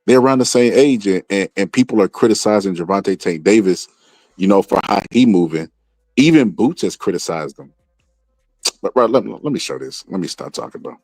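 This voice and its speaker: A man giving casual reaction commentary on boxing, animated and full of streetwise slang, repeating his phrases as he talks. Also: on the low side, no room sound, studio quality.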